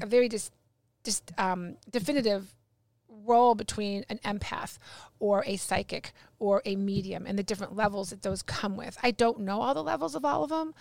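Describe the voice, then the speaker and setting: Animated woman telling a story. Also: a little high, creaky, no room sound. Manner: animated, acts out quoted dialogue. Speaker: guest medium. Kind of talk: casual storytelling podcast chat.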